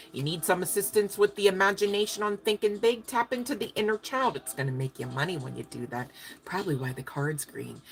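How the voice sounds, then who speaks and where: A woman giving a casual spiritual tarot reading, emphatic and chatty, often checking in with her listeners and swearing offhandedly. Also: lowish voice. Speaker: tarot reader.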